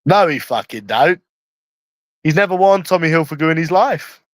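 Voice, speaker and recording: A man's voice: fairly high pitch, animated, normal speed, no echo, poor audio. A man with a London accent, chatting casually on a live stream from a room at home, brash and rambling with heavy swearing.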